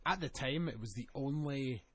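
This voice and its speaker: A man co-hosting a podcast in loose, casual banter. His voice is husky and a bit breathy. He swears freely and laughs at his own jokes. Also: mid-range voice, moderate pace, a bit bright. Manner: sweary, jokey, laughs often. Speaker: wrestling podcast co-host.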